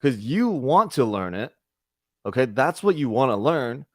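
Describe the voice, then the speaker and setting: A man's voice: mid-range voice, sing-song, unhurried, no room sound, studio quality. A man hosting an online spiritual discussion group, talking casually and earnestly with repeated, searching phrases. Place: online group video call.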